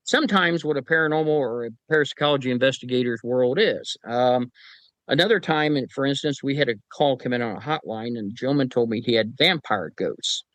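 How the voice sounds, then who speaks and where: A man working as a paranormal investigator, telling anecdotes as a podcast guest in a relaxed way with wry humor. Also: mid-range voice, a little fast, no room sound, highs cut off. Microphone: podcast microphone.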